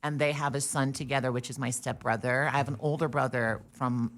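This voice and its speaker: A young woman who grew up in the Netherlands, a podcast guest chatting playfully with quick self-corrections. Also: a bass voice, steady tone. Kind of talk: casual chat.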